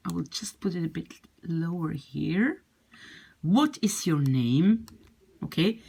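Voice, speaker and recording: A woman language teacher speaking slowly and patiently, with a slightly husky tone. She repeats each example carefully, her pitch rising and dipping with lively emphasis. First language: French or Dutch. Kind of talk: explaining French grammar in English.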